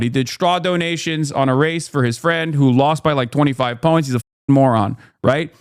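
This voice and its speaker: A man streaming casual political commentary, reacting to clips in a blunt, incredulous, animated way. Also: on the high side, no room sound, studio quality.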